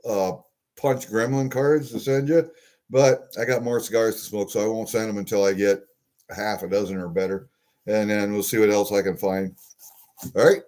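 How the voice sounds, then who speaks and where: An older man with a fairly low, darkish voice casually chats on his live stream, opening packages at his desk. He rambles on and greets viewers, with the sound coming from a webcam on the desk.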